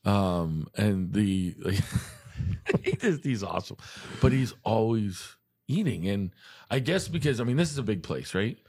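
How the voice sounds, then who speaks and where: Low, husky man telling stories with laughs. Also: expressive, measured pace, a little mellow. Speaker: hockey coach. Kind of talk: casual chat.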